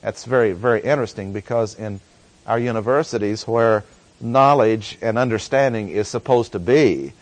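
A man teaching a Bible study lecture in an earnest tone, often pausing with "uh" as he explains words and verses. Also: on the low side, no echo. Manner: earnest teaching tone with frequent "uh" pauses.

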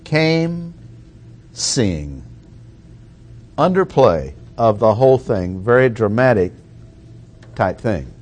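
A man preaching an expository sermon, reading verses aloud and repeating key points with deliberate emphasis. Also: on the low side, big pitch swings, a little mellow.

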